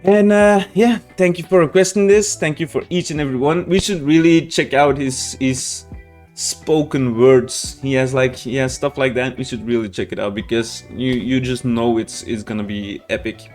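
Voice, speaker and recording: A man's voice: mid-range voice, steady tone, moderate pace, darkish tone, faint music behind. A man hosting a reaction channel, telling a story to viewers in a rambling way, swearing often and restarting sentences.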